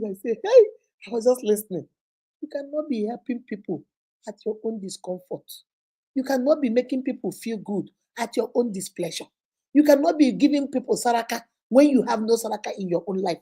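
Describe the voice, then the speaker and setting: A middle-aged Nigerian woman hosting a relationship advice talk, telling stories with lively, acted-out quotes. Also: a little high, brisk, slightly rough. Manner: lively storytelling, acts out quoted voices, frequent laughter. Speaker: host answering relationship questions. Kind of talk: animated casual advice talk.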